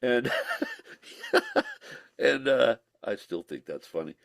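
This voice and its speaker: A man telling stories as a guest in an interview, animated and laughing, slipping into voices when he quotes people. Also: mid-range voice, slow pace, gravelly, no room sound, studio quality. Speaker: musician guest. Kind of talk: casual storytelling interview.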